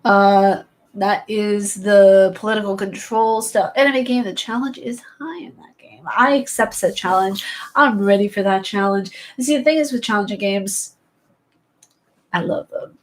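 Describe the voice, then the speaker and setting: A woman streamer talks to her live chat in a loose, playful ramble. Her voice sits at a middle pitch, and she hops from one thought to the next. The delivery is relaxed and chatty. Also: normal speed, poor audio. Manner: playful, chatty, jumps between topics. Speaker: gaming streamer. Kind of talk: casual chat with live viewers.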